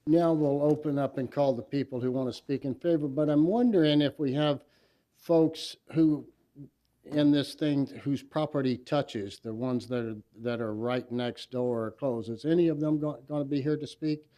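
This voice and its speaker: Mellow-voiced man chairing a hearing. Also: medium pitch, normal speed. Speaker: board chair.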